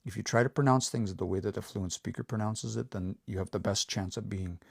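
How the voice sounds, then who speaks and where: A man teaching pronunciation on a livestream, repeating words slowly and coaching learners to say them out loud. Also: on the low side, creaky, breathy edge, dry recording, clean studio sound. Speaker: language teacher.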